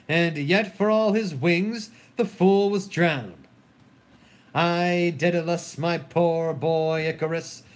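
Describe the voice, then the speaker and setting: Man reads grieving fallen king, slow mournful verse. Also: a little high. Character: sorrowful deposed old king, a man. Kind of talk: solo dramatic reading of a play.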